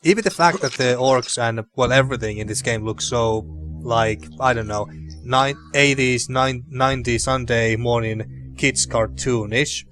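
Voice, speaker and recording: A man casually commenting on an adventure game as he plays, thinking out loud. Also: mid-range voice, unhurried. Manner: rambling, thinking aloud with restarts. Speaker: let's play host. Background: game music.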